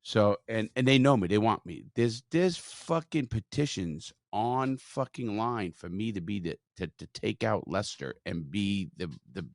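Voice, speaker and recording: A man hosting a podcast, telling stories in a profane, animated way and quoting others as he goes. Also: fairly low pitch, a little slow, hardly any pauses, dry recording, studio quality. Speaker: podcast host. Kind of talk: casual storytelling chat.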